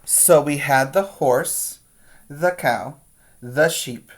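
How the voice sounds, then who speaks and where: Slow, patient man reading to preschoolers. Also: fairly high pitch. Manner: slow, patient, pointing out pictures and asking children questions. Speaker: preschool teacher. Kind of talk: reading a picture book aloud to young children.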